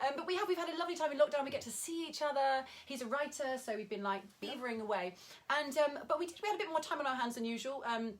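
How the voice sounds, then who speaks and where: High-voiced woman singing comic songs. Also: animated, fast talker. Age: young adult. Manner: chatty, self-mocking, breezy. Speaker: comedy singer and performer. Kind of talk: comic songs and stage chat. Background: piano accompaniment.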